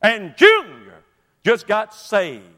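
A male preacher voicing a kindly older preacher who speaks in a warm, folksy, reassuring way. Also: sits high, huge pitch swings, slow, voice pushed up, heavily acted. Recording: long reverb of a large hall.

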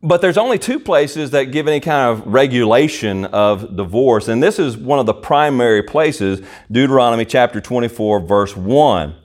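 A man's voice: medium pitch, expressive, moderate pace, hardly any pauses. A man preaching a sermon, explaining a passage step by step and repeating key words, with many fillers. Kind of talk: sermon Bible teaching.

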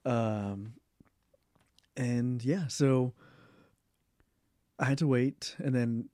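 A young man in a casual interview, talking in a rambling way with many fillers, restarts and throat clearing. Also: mid-range voice, extremely slow, dark tone, dry recording. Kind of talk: casual oral history interview.

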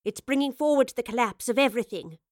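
A woman voicing a calm, wry older female professor in an audiobook reading, measured and dry. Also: fairly high pitch, dry recording, lightly acted.

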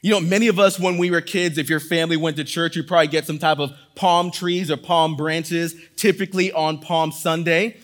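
An earnest male pastor delivering a sermon, his voice sitting a bit higher than most men's. He preaches with emphasis, driving home points by repeating phrases, and moves from a quiet prayer into teaching. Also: fairly even intonation, a little fast, hardly any pauses.

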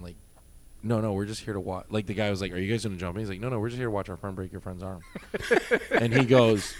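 A man who worked as a nightclub bouncer, telling stories in a casual podcast chat, swearing often and acting out what people said. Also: on the low side. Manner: profane, animated, acts out quotes.

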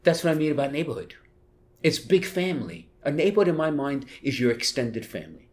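A middle-aged man with a New York accent, a bishop telling family stories in an interview, animated and laughing as he talks. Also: a little high, fairly quick. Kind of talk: storytelling interview.

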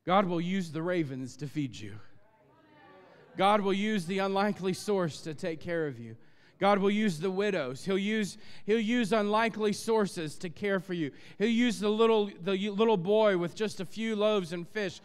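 A male pastor delivers a fervent sermon in a high, smooth, resonant voice. He presses his points with rising, emphatic force. The sound rings with the long reverb of a church sanctuary. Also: a little slow. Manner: impassioned, rising to loud emphatic peaks.

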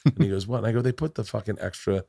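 A man's voice: lowish voice, steady tone, racing, gravelly, mellow, dry recording, studio quality. A man hosting a podcast in casual chat, telling stories in a profane way and acting out quotes in voices. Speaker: podcast host.

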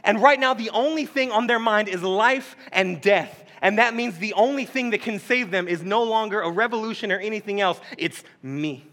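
A male pastor delivers a sermon in an easygoing, joking manner, dropping slang into his teaching. His voice sits high for a man and rings bright and forward, carrying through a church hall. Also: fairly quick, hardly any pauses. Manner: casual, joking preacher talk with slang.

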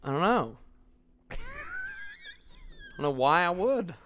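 A man's voice: fairly high pitch, takes it slowly, slight background noise. A young man from co-hosting a podcast, telling stories with acted-out quotes and frequent laughter. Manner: animated storyteller, acts out quotes, laughs often. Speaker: podcast co-host. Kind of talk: casual chat.

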